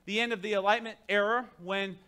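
A man's voice: sits high, steady tone, quick pace, clear, resonant tone. A man pastor delivering a sermon, preaching emphatically and talking straight to his congregation in a conversational way. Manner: emphatic preaching that swings between quiet asides and loud declarations.

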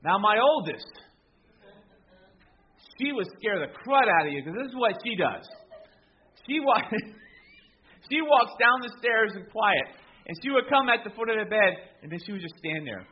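A man's voice: high-pitched, a little slow, pauses often, dull audio. A middle-aged man preaching a sermon in a chatty storytelling way, often checking in with the congregation. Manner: conversational, animated storytelling with frequent "right?" asides. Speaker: pastor.

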